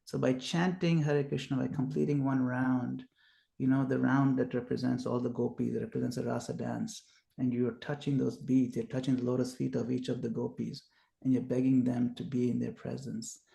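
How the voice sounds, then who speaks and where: Gravelly man teaching with reassurance. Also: mid-range voice, level tone, normal speed. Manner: warm, reassuring, explains terms patiently. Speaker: class teacher. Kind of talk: encouraging devotional teaching.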